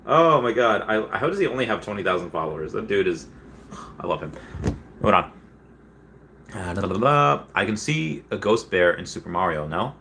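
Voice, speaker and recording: A man's voice: low voice, very animated, fairly quick, a bit bright, slight background noise. A young man casually chatting on a livestream, rambling with many fillers as he reads chat messages and reacts. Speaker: streamer reading chat.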